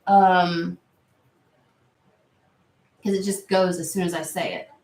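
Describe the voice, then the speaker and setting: A woman's voice: lowish voice, steady tone, slow pace, darkish tone. A woman hosting a tarot livestream, talking casually, swearing freely and reacting to viewer comments. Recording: roomy echo.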